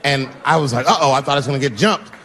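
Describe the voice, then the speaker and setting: A man doing stand-up, telling a long story and acting out the people in it, with a profane, animated delivery. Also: medium pitch, racing. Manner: animated, acts out characters, profane. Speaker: stand-up comedian. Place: comedy venue with live audience. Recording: live show recording with audience noise.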